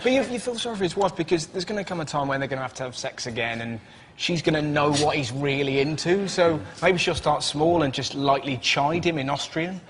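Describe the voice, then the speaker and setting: A man's voice: on the high side, fairly quick. A man on a comedy panel show, eagerly spinning jokes as little stories. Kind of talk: comic panel banter. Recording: noisy studio broadcast.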